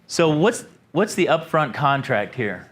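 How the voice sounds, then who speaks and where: Upbeat sales-trainer man, a bit high-voiced, acts out customers, quizzes the room. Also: measured pace, slightly rough. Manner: animated, acts out customers in a raised voice; asks the room questions. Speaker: company president giving a sales training talk. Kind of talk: informal sales training presentation.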